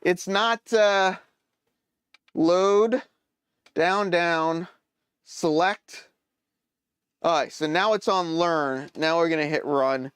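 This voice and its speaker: Slow, clear-voiced man chatting on stream. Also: on the high side, a bit bright, dry recording. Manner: thinks aloud while troubleshooting, answers viewer chat; hesitant, many fillers and restarts. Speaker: live-stream host. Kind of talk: casual live-stream chat.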